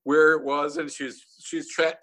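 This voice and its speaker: A man's voice: fairly high pitch, little pitch movement, moderate pace, very noisy. A man on a podcast, telling a story in casual chat, swearing and laughing often. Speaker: podcast host.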